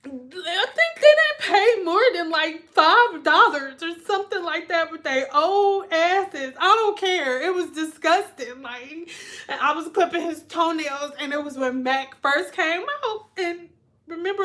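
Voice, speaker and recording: Speaking a little slowly in a very high voice, this woman vlogger recounts a story in a relaxed chat. She laughs and stays lively throughout, frequently imitating how others sound.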